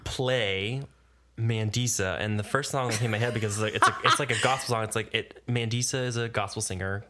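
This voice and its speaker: A man's voice: on the low side, fairly even intonation, fairly quick, background noise. A man co-hosting a casual podcast, chiming in with playful quips. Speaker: podcast co-host. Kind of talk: casual chat.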